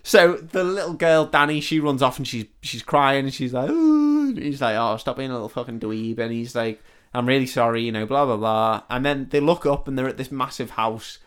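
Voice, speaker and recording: Man recapping a film, smooth voice. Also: mid-range voice, steady tone, fairly bright tone. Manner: retells the plot with quick voices for the characters, sweary and laughing. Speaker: podcast co-host. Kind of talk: casual comedic film recap.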